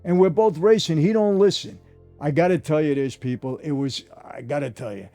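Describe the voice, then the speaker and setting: An older man tells stories from his past in a casual, animated monologue, often turning to address his listeners directly. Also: on the high side, moderate pace, faint music behind. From New York. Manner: animated, addresses listeners directly, repeats "I gotta tell you". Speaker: former mobster telling stories.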